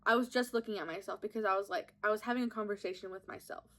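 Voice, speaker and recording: A woman's voice: medium pitch, steady tone, rapid-fire, a bit bright. A young woman, host of a podcast, chatting casually and giggling while she does her makeup at home and films on her phone. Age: young adult. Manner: chatty, giggly, self-mocking storytelling. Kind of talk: casual makeup vlog chat. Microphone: phone camera propped up.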